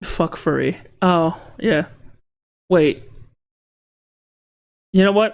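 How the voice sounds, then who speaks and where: A live streamer in casual chat with viewers, joking and breaking into excited shouts. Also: mid-range voice, very slow, vocal fry, clean tone. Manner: excitable, jokey, bursts into laughing shouts.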